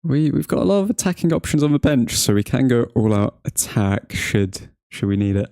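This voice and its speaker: A man's voice: medium pitch, sing-song, a little fast, dark tone, dry recording. A young man from England hosting a football watchalong stream, chatting to viewers, joking and laughing often. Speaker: watchalong livestream host. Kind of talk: casual live chat to viewers.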